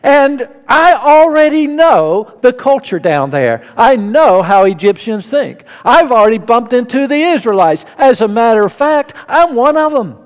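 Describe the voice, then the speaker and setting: A stubborn, exasperated Moses, as a preacher puts him on, arguing his case in a high, swooping, emphatic voice. The long echo of a big hall trails every line. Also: exaggerated voice. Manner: emphatic, argumentative, animated. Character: Moses, a weary, stubborn man arguing with God. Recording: reverberant hall.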